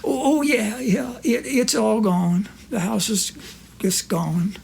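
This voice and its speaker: A man doing a gravelly, rambling old rancher. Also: high voice, fairly even intonation, slow pace, darkish tone, slight background noise, voice pushed up, heavily acted. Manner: hesitant, repeats words, drawling.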